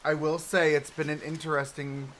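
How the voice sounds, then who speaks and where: A man's voice: fairly high pitch, level tone, normal speed, a bit bright, poor audio. A man hosting a casual live stream while playing a game, chatting in an easygoing, self-deprecating way and laughing often, close to a desk microphone at home. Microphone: desk microphone close in front.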